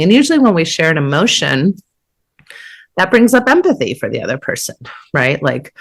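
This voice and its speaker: A woman's voice: sits low, sing-song, moderate pace, gravelly, pauses often. A woman hosting a podcast conversation, explaining in an earnest, thinking-aloud way with frequent restarts. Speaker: podcast host and therapist.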